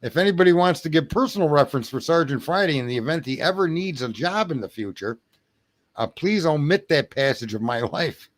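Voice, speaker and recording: A man hosting a late-night livestream, telling a rambling story with lots of swearing, laughter and throat clearing. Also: on the high side, lively intonation, a little fast. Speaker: livestream host. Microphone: home streaming mic.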